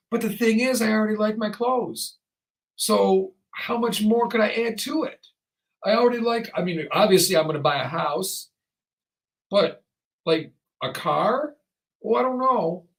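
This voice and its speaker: A man hosting a casual podcast chat, rambling and animated, often acting out the voices of people he quotes. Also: high-pitched, low-quality recording. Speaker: podcast host.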